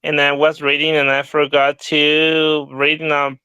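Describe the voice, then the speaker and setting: Man, workshop participant, earnest, searching for words, bright, smooth, flat pitch. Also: unhurried, no echo, muffled recording. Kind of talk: casual discussion.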